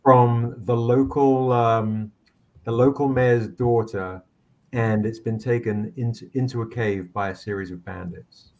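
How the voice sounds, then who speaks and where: A man's voice: mid-range voice, steady tone, darkish tone. A man narrating as game master in a tabletop game, rambling with frequent restarts. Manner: rambling, halting, many restarts.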